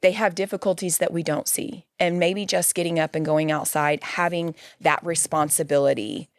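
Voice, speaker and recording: Reflective woman host with a deep voice and a dry, close sound. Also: fairly even intonation, normal speed, no room sound. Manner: reflective, conversational, thinks aloud. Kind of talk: casual interview chat.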